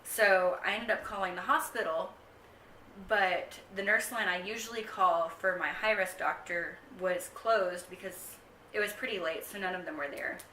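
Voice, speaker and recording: Young woman vlogger, casual rambling chat, bright tone, roomy distant camera sound. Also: mid-range voice, moderate pace, slight background noise. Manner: chatty, rambling with frequent ums. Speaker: vlogger giving a pregnancy update. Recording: echoey room, mic set back.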